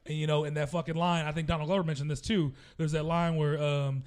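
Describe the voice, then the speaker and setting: A man from the American South co-hosting a podcast, telling stories in a relaxed, laid-back way. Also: fairly high pitch, fast talker. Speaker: podcast co-host. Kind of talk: casual chat, storytelling.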